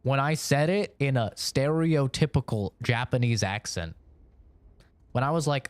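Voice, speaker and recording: In a dry recording, a young man from Oregon speaks at a moderate pace and medium pitch, shooting the breeze with his stream chat in a rambling, foul-mouthed way and laughing between thoughts.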